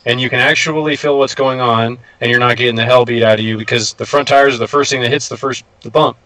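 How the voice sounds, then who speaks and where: A man's voice: medium pitch, fairly even intonation, fast talker, pushed and bright, no echo, low-quality recording. Rambling man with a dry, close sound. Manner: rambling, many fillers and restarts. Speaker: guest truck builder. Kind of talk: casual chat.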